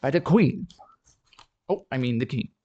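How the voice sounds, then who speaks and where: Man, friendly live-stream chat, art studio, dry sound, mid-pitched voice. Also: lively intonation, measured pace, dark tone, no room sound, lo-fi sound. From Netherlands. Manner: friendly, chatty, repeats words while thinking. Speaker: ceramic artist streaming live. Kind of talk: casual livestream chat.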